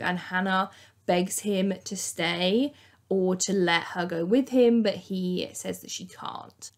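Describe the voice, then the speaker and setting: Chatty woman recapping a TV show. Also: fairly low pitch. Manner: chatty and animated, acts out quotes. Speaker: YouTube host. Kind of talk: casual recap commentary.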